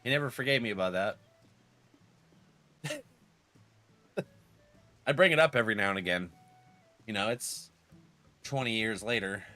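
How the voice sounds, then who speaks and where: A man's voice: on the low side, expressive, normal speed, pauses often, sharp tone, soft background music. A man streaming a game and chatting casually, laughing often and acting out his friends' lines, while getting over a cold. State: has a cold. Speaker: gaming streamer.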